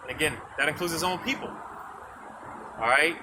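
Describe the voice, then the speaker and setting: Out on a street, a man with a somewhat high voice preaches a little slowly in a casual, repetitive style, frequently tagging his points with "man" and "you see." The recording is noisy and outdoors, with traffic sounding in the background.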